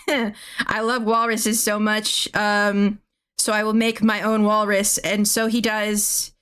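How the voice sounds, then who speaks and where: Woman streamer, smooth clear voice, rambling swear-laden recap, chuckles at her own jokes. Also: mid-range voice. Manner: rambling, laughing at own jokes, frequent restarts, swears casually. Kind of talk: casual movie recap.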